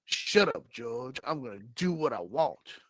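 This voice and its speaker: A man voicing a big, muscular ladies' man with a low, cocky drawl. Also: sing-song, measured pace, fairly bright tone, dry recording.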